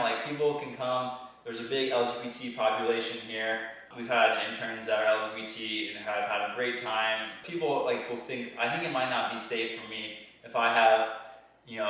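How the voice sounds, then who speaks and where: Young man, mostly standard American accent, mid pitch, casual podcast guest, very echoey room, a bit far from the mic. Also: a bit bright. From Georgia, United States. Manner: talks in loose restarts with many "like"s. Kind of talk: casual interview conversation.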